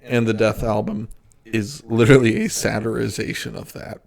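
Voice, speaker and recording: A man's voice: on the low side, little pitch movement, moderate pace, vocal fry, darkish tone. A young man co-hosting a casual podcast, tipsy and joking, swearing and laughing often as he reviews albums. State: tipsy from drinking soju. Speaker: podcast co-host.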